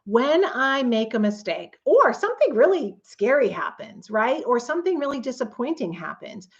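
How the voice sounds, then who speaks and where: A woman's voice: a little high, very animated, normal speed, highs cut off. A woman coach giving a conversational, earnest teaching talk, now and then acting out quoted voices. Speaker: coach and author.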